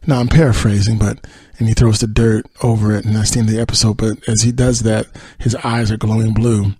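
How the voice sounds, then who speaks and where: A man's voice: lowish voice, level tone, a little fast, hardly any pauses, warm tone, husky, dry recording. A male podcast host casually retelling a TV episode, rambling with many fillers and acted-out quotes.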